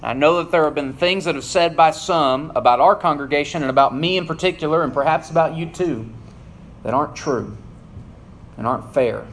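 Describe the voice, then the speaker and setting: A man preaching a sermon, reading scripture and then explaining it earnestly and emphatically, often dropping low at the ends of phrases. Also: fairly quick, a bit bright, slight background noise.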